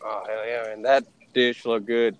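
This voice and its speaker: A man's voice: medium pitch, flat delivery, measured pace, a little hiss or hum. A man with a Southern US accent co-hosting a casual, profane, joking chat show. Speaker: podcast co-host.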